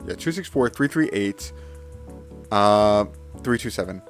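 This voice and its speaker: A young man on a live stream rattles off long strings of digits in quick bursts. He stumbles, apologizes and corrects himself in a flustered way. Soft music plays faintly behind him. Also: on the low side, animated. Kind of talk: live stream memory challenge.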